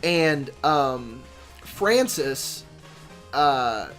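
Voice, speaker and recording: A man's voice: animated, faint music behind. A young man hosting a gameplay video, telling a long story with lots of cussing, fillers and restarts. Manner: rambling, profane, halting with fillers and restarts; mimics friends in shrill shouts. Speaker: let's play host. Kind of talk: casual storytelling while gaming.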